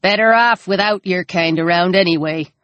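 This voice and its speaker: A man's voice: high-pitched, normal speed, fairly bright tone, no echo. A menacing, sneering male scavenger who barks curt threats, voiced by a woman reader. The delivery is hard and raised. Dry, close recording. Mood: hostile.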